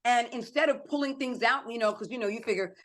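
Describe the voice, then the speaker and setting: A woman's voice: fairly high pitch, quick pace. A middle-aged woman who is a podcast guest, chatting casually and acting out other people's lines as she tells stories. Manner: animated storyteller, acts out quotes.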